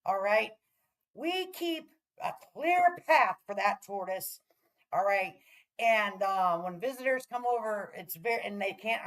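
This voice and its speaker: A woman's voice: medium pitch, low-quality recording. Vlogger, middle-aged woman, rambling and heated, swears freely, keeps asking viewers "all right?". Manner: talks to viewers with repeated "all right?" check-ins. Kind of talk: casual rant to camera.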